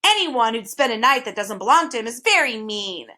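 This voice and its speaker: A woman's voice: very animated, fairly quick, sharp tone. A woman reading a storybook aloud, voicing a haughty, contrary male bird who snatches words. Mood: haughty, mocking. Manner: shrill, gleefully contrary.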